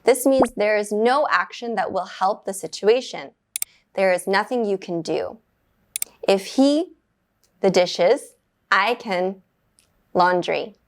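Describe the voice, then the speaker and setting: Woman reading a beginner grammar lesson, clear and measured, perks up on the praise bits. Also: medium pitch, lively intonation, slight background noise. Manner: clear, measured, with bright upbeat praise words. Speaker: English teacher.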